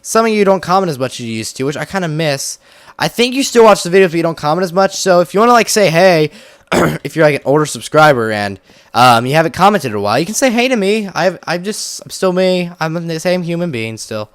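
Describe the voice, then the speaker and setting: Male gaming host, slightly high voice, rambling casual commentary, dry close sound. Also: animated, fast talker, clear, resonant tone, dry recording. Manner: rambling, chatty, heavy use of "like".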